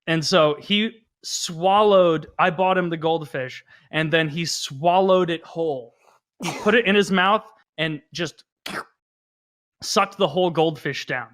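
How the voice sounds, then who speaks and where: A man on a casual podcast telling a long, meandering story in a slightly raised voice. He circles back on himself and fills the pauses with "uh" and "like". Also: a little high, fairly bright tone. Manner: rambling, filler-heavy storyteller. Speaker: podcast host.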